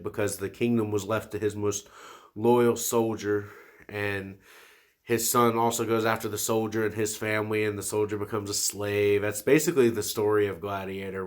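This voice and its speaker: A man in his twenties hosting a solo podcast, talking casually and enthusiastically about movies, rambling with many restarts. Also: lowish voice. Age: 20s. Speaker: podcast host.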